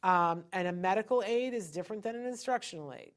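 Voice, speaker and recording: A woman's voice: medium pitch, fast talker. A middle-aged woman hosting a live-stream podcast, chatting with viewers in an encouraging way. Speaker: podcast host.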